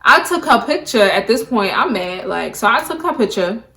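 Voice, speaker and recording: Speaking at normal speed into a camera mic, a young woman beauty vlogger has a medium-pitched, sing-song voice that sounds pushed and bright. She tells a casual story to camera with emphasis, peppering it with "like."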